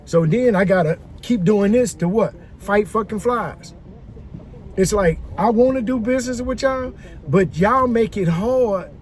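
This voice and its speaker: Animated high-voiced man ranting outdoors. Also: a little slow, slight background noise. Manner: animated, profane, exasperated. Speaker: vlogger reviewing a restaurant. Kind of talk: casual storytelling rant.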